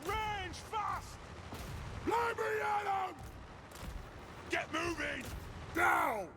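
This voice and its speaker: A man voicing gruff male dwarf soldiers who bark short battle cries, as video game unit voice lines. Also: very high-pitched, very slow, full character voice. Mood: shouting commands. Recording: loud battle noise behind.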